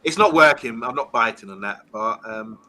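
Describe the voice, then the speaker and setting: A man's voice: medium pitch, expressive, moderate pace, sharp tone, low-quality recording. A man hosting a casual fan live stream, reading out viewer comments and chatting. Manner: chatty, reads out viewer comments, laughs easily. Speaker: fan channel host reading live chat.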